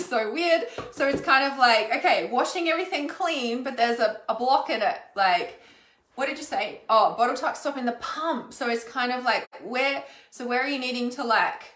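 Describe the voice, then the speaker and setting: Aussie woman chatting on a livestream, higher voice, lots of likes and ums, echoey room. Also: fairly bright tone. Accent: Australian. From Australia. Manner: chatty, rambling, many fillers. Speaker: intuitive healer hosting a livestream. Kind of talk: casual livestream chat.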